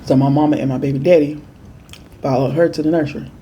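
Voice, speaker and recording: Woman vlogger telling a story while eating, mellow tone, repeats stuff for emphasis, faint noise behind. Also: deep voice, fast, highs cut off. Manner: chatty, emphatic repeats, lively quoted voices. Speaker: food vlogger.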